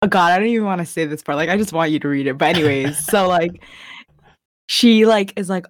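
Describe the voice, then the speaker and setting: A woman's voice: lowish voice, a little fast, darkish tone, no room sound, clean studio sound. A young woman in casual podcast chat, retelling a story in a rambling way, saying "like" constantly and swearing often. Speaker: podcast co-host.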